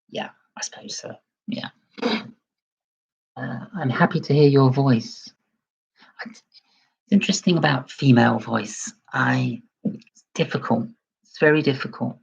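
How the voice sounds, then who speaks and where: A man hosts a casual livestream and answers viewer comments in a chatty, self-deprecating way. His voice has a gravelly fry and a husky edge, and he nudges his pitch up toward a feminine tone. The audio is a little dull and muffled. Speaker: livestream host.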